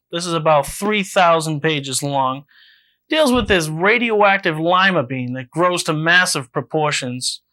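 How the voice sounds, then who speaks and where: A man hosting a mock book review segment, delivering satire in a dry, deadpan way. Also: on the high side.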